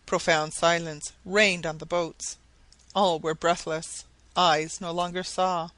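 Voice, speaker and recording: A man reading a classic adventure novel aloud, narrating with animated delivery and acting out the shouted lines. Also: a little high, slow, dry recording, low-quality recording. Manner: animated, acts out shouted quotes. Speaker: audiobook reader.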